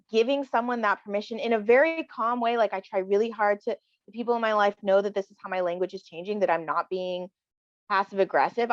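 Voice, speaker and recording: A woman's voice: mid-range voice, no room sound. A woman talking candidly and reflectively as a guest in a casual chat, often acting out what she says to others. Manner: candid, reflective, acts out quoted lines. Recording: dull dry lo-fi sound.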